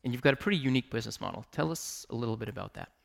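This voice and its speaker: Gravelly male interviewer. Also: medium pitch, lively intonation, very fast. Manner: brief prompting questions. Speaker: interviewer host.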